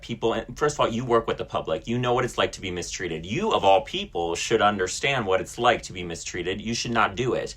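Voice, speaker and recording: A man with a low, husky voice tells a storytime rant straight to camera. He is blunt and indignant, swears freely and leans on "like" as a filler. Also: expressive, fairly quick, few pauses, fairly bright tone. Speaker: vlogger.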